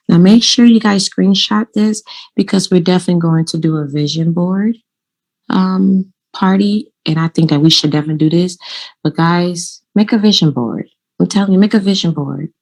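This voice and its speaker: A woman speaks to her viewers in a casual, motivational vlog, telling her story with animation and plain, direct talk. Her voice sits a little low for a woman. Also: gravelly, darkish tone. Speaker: vlogger giving law of attraction tips.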